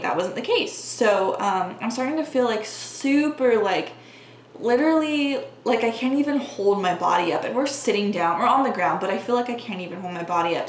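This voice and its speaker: A woman vlogger earnestly telling her personal story to the camera, speaking casually with lots of "like" fillers. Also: mid-range voice. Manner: earnest, talks with frequent "like" fillers. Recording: echoey room with faint background hum.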